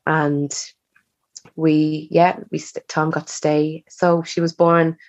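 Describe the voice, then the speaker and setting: Low-voiced woman telling a personal story. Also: flat delivery, slow, no echo. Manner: chatty, acts out quoted dialogue. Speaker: podcast guest. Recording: slightly dull, muffled recording.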